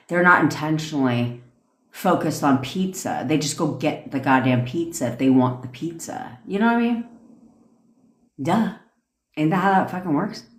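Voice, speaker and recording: A woman's voice: low voice, roomy sound. A woman manifestation coach ranting sarcastically and profanely on a phone live stream. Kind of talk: TikTok live rant.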